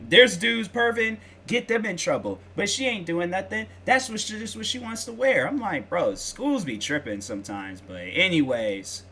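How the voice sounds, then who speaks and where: A man's voice: high-pitched, very animated, moderate pace, hardly any pauses, bright, forceful tone, husky. A young man hosting a reaction video, talking casually in slang with lots of fillers and rambling stories.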